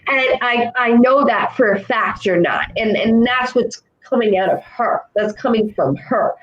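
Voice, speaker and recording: In this muffled recording, a woman with a high-pitched voice gives a psychic reading as a clairvoyant. She speaks earnestly and repeats herself, passing along quoted messages from the dead.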